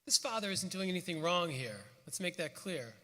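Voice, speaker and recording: A man giving a prepared conference lecture with a measured, earnest delivery. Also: high voice, lively intonation, pushed and bright. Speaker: conference speaker. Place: conference hall. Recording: long hall reverb.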